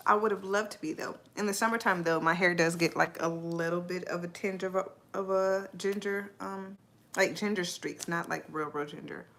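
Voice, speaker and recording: A woman's voice: lowish voice, steady tone, normal speed, fairly bright tone. A young adult woman chatting casually on a live stream, rambling and answering viewers' comments as they come in.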